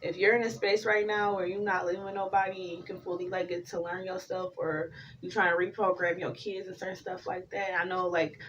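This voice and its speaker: A woman rambles through a casual tarot reading, swearing constantly and wandering into lively tangents. She sits a little away from the microphone. The sound is muffled, with a faint hiss behind her. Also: fairly low pitch, a little fast, far from the mic. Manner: profane, rambling, animated storytelling. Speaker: tarot reader.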